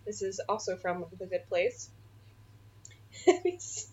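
A woman's voice: mid-range voice, sing-song, slow pace, a little mellow. A young woman co-hosting a podcast, laughing often as she reads memes aloud in casual chat. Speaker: podcast co-host. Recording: slightly dull, faint noise.

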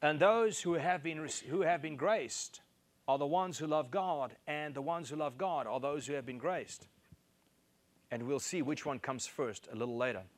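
A man preaching a sermon, reading scripture and repeating key phrases for emphasis. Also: moderate pace. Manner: emphatic, repeats key phrases, rises in pitch to stress points.

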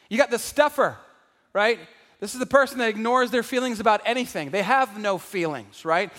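A man preaching a sermon to a congregation, animated and calling out to the crowd, acting out everyday voices for laughs. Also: sits high, normal speed, long reverb tail. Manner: acts out household voices for laughs. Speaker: pastor. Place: large church hall.

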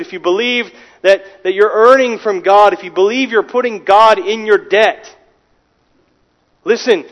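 Man preaching in an echoing hall. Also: high voice. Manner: emphatic preaching with many restarts and rhetorical questions. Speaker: pastor. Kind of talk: sermon. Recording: dull sound with long hall reverb.

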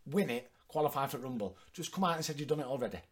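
A man's voice: mid-range voice, expressive, very fast, breathy edge. A man hosting a podcast, recapping in a chatty, sweary way and laughing often. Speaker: podcast host. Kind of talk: casual recap chat.

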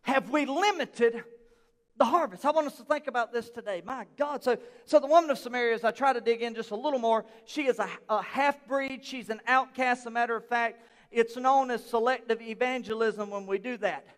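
A man, a pastor preaching a sermon in a church, swinging from quiet talk to shouted emphasis. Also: very high-pitched, fairly even intonation, brisk, long reverb tail. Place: church sanctuary.

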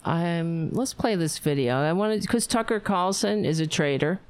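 A woman's voice: lowish voice, animated, unhurried, darkish tone, smooth. A tired woman hosting a casual livestream, chatting in a playful, rambling way. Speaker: livestream host.

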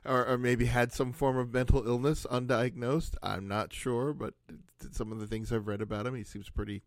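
A man's voice: medium pitch, flat delivery, moderate pace, dry recording. A man hosting a casual conversation, musing aloud and wandering into asides as he thinks things through.

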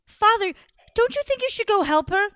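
A woman voicing an anxious young princess who begs her father for help, in a high, pleading voice. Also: expressive, normal speed, fairly bright tone, no echo, studio quality.

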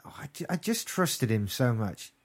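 A man's voice: medium pitch, very animated, moderate pace. A British man chatting casually as a podcast co-host, with wry, jokey asides. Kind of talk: casual chat.

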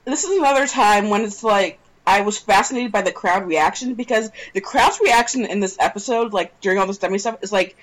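A woman co-hosting a podcast, chatting casually with sarcastic, lively remarks. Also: mid-range voice, fairly quick, hardly any pauses, rough recording. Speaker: podcast co-host. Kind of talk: casual chat.

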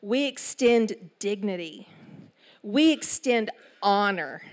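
A middle-aged woman with an East Texas accent, preaching a sermon in an animated storytelling way with asides. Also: mid-range voice, takes it slowly. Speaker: church speaker.

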